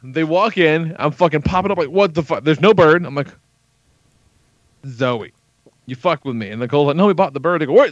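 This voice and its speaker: A man in his thirties tells a profane, animated story on a podcast, acting out every quoted line. His voice sits a little high and swings widely in pitch. The sound is dry and slightly muffled, like lo-fi podcast audio. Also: normal speed, long pauses, dry recording. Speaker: podcast host. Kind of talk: casual chat, storytelling.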